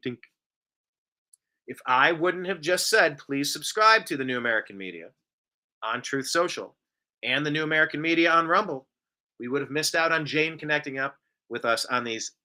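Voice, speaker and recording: A man's voice: fairly high pitch, pushed and bright. A man hosting a casual live show, reading out viewer comments and drifting into long, rambling tangents. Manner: rambling, tangential, self-described bloviator. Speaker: show host.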